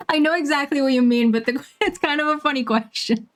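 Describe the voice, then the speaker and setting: A woman's voice: high-pitched, a little fast. Chatty woman streamer, laughing a lot. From Bermuda. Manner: chatty, laughs often, lots of ums. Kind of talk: casual chat while playing a game.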